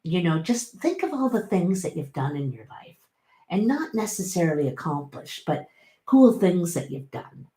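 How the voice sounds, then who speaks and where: A middle-aged woman giving a casual tarot reading, chatty and encouraging, with sudden bursts of excitement. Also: fairly low pitch, normal speed. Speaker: tarot reader. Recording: roomy echo.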